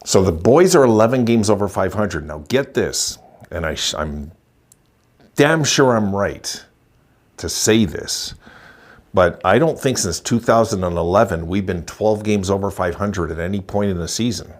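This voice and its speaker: Guy in his sixties, thrilled hockey rant, chuckles a lot, lowish voice. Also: expressive, normal speed. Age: 60s. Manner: gleeful, chuckling, emphatic repetition. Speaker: hockey fan vlogger. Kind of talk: excited postgame rant.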